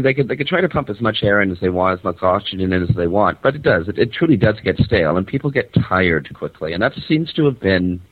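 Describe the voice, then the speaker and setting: A man hosting a radio show, phoning in from a hotel conference center, rambling and animated as he tells a story and swears casually. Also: fairly low pitch, dry recording. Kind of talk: casual phoned-in radio chat. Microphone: phone. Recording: tinny, dry phone line.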